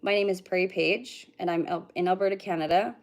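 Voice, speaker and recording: A woman's voice: on the low side, steady tone, brisk, a little mellow. A woman who is a psychic medium, chatting casually with livestream viewers. She greets them by name and hums and mutters to herself between readings.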